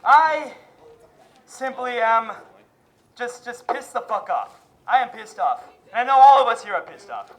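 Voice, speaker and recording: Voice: mid-range voice, lively intonation, unhurried, poor audio. A student delivering a furious, swearing rant at an outdoor campus protest. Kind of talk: angry rally rant.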